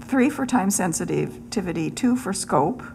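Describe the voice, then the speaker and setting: A woman's voice: on the low side, animated, measured pace, creaky, a little mellow, a little hiss or hum. A woman on a city committee, hesitant and thinking aloud, often repeating words as she talks. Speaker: committee member. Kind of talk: committee meeting discussion.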